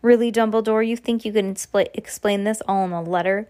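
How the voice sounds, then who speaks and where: A woman's voice: mid-range voice, steady tone, a little fast, dark tone, pitched above the performer's own voice, close to an everyday voice. A woman voicing a stern, anxious older witch professor who protests fretfully. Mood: indignant.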